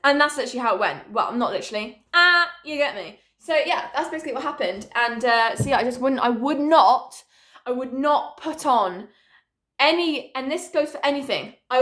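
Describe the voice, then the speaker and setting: A young woman tells stories from her childhood straight to camera, her voice pitched high. She chats loosely and swears freely, breaking off for cheeky asides. The sound carries an echo from the room at home. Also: expressive, normal speed, a bit bright. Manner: sweary, chatty, jokey asides, mimics her mum. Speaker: vlogger. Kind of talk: casual storytime chat. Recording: echoey room.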